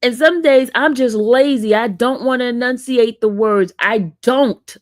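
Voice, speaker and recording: A woman's voice: on the high side, measured pace, no echo, studio quality. A woman with an East Coast American accent hosting a casual livestream, teasing and sassing her chat. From northern US. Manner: sassy, teasing, talks back to chat. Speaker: livestream host.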